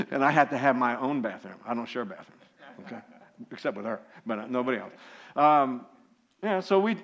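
A man's voice: medium pitch, gravelly. A man preaching a sermon as an informal story, laughing often and restarting his sentences. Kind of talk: anecdotal sermon.

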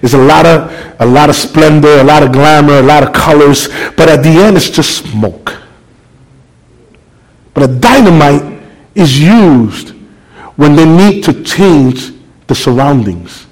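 A man's voice: fairly high pitch, measured pace, rough recording. A middle-aged man preaching a sermon, telling a story with acted-out dialogue and asking the congregation questions. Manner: animated, acts out dialogue, rhetorical questions to the congregation.

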